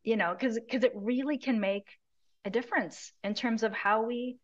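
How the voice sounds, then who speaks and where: A woman hosting an interview, speaking in a gentle, reflective and affirming way. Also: fairly high pitch, moderate pace, muffled recording. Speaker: podcast host. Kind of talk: interview conversation.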